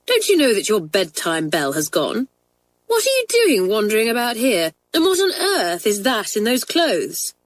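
Brief: woman voicing a brisk, stern older schoolgirl, storybook read, dry sound. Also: a little high, wildly swooping pitch, no echo, pitched above the performer's own voice. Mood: scolding. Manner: brisk, scolding.

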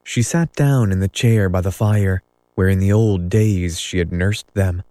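A man narrates a classic storybook at an unhurried pace, his voice low and mellow. Recorded dry and close. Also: dry recording. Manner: measured storytelling. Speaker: audiobook narrator. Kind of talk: scripted narration.

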